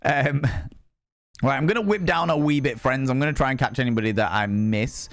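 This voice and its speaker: A man chatting casually on a live stream, rambling and animated, swearing freely. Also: mid-range voice, brisk, no echo.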